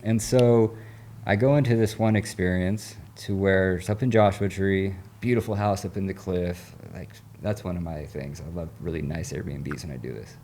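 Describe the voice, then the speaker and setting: A man's voice: low voice, fairly even intonation, moderate pace, darkish tone, a little hiss or hum. A man, a recovery coach on an interview show, telling a personal story in an earnest, rambling, casual way with lots of slang.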